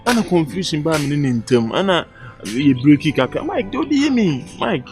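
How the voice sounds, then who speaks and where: A man's voice: fairly high pitch, very animated, normal speed, darkish tone. A man with a Ghanaian accent playing a young man who keeps pleading with his friend over a girl. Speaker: comedy sketch actor. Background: background music.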